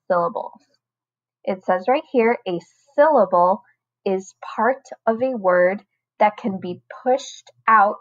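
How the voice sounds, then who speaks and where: A woman teaching a recorded lesson to first graders, speaking slowly and patiently with careful, stretched-out pronunciation. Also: medium pitch, dull audio. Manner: slow, patient, over-enunciated teacher talk. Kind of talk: recorded online lesson for children.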